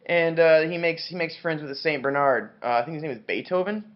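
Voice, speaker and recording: A man's voice: fairly high pitch, brisk, lo-fi sound. A drunk man reviewing a classic novel, rambling and swearing, with many restarts and fillers. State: drunk on wine. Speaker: book reviewer. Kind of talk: rambling comic book review.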